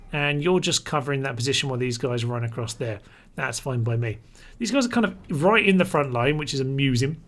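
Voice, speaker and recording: A man hosts a live strategy game session, chatting as he directs his troops. His voice sits a little high and comes across bright and forceful. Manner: chatty, talks his units through orders. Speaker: gaming channel host.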